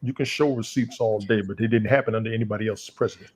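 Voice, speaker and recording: A man co-hosting a casual talk show, arguing politics in a measured, deliberate way and standing firm when he disagrees. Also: on the low side, steady tone, slightly rough.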